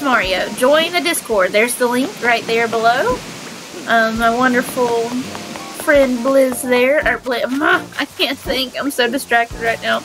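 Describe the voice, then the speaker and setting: Giggly high-voiced woman streamer, stuffy. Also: unhurried, over music, poor audio. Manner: excitable, giggly, squeals when finding players. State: stuffy from allergies. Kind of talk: live game stream chat.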